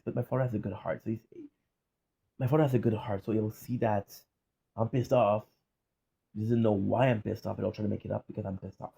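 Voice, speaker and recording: A man's voice: fairly low pitch, gravelly, warm tone, slightly rough. A man hosting a reaction video, giving casual, candid, profane commentary with lots of restarts and fillers.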